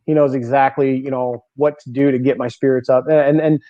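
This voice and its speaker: Animated man telling stories, dry lo-fi sound. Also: medium pitch, a little fast, dry recording. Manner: animated, laughing often, repeating words as he goes. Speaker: guest bowler. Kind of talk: casual storytelling in a podcast interview. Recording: slightly dull, dry lo-fi audio.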